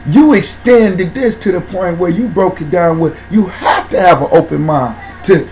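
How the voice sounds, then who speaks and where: A man hosting a casual talk show, speaking in slang and shouting out viewers by name. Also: sits high, moderate pace, soft background music, poor audio. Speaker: host.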